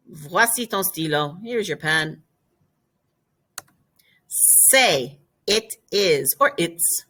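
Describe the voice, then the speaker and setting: A woman teaching a French vocabulary lesson, explaining step by step and repeating each word slowly and clearly. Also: fairly low pitch, animated, sharp tone. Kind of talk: classroom lesson video.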